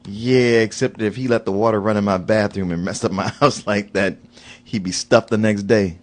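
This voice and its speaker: A man's voice: fairly low pitch, fairly even intonation, normal speed. A man co-hosting a casual film review chat, cutting in with dry, short wisecracks. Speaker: co-host.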